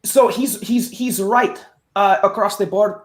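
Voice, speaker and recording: A woman co-hosting a sports talk show, making her points emphatically and doubling back on words when she presses hard. Her voice is neither high nor low. The room around her rings with a noticeable echo. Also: steady tone, measured pace. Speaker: podcast co-host.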